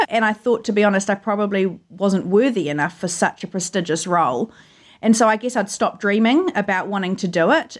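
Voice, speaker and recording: A woman, a journalist telling personal stories in an earnest, emotional way during an interview from her home. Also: medium pitch. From New Zealand. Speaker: journalist guest. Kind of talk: remote interview, personal storytelling.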